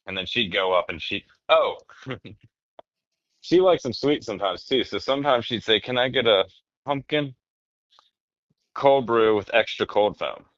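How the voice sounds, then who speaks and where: A man in casual podcast chat, telling rambling, animated stories and swearing often. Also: medium pitch, a little slow, long pauses, no echo, highs cut off.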